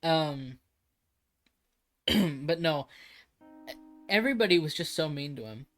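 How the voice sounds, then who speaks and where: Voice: medium pitch, lively intonation, slow pace, a bit bright, faint music behind. A livestreamer chatting casually, rambling and emphatic with frequent restarts and swearing.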